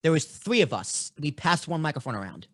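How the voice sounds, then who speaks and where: A man's voice: on the high side, very animated, a little fast, a bit bright, dry recording, studio quality. A man in his thirties with a Boston accent, hosting a podcast interview in a brash, blunt, casual way. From Boston, USA. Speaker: podcast host. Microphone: studio microphone.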